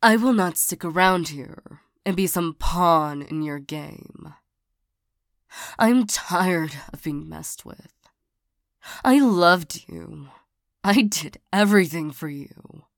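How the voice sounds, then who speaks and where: A hurt young bodyguard and former lover, voiced by a woman in an audio role-play, speaking very slowly in a lowish voice. She stammers, restarts and sighs often. The recording is close and dry. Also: vocal fry, dry recording. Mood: indignant. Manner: halting, stammering, frequent sighs.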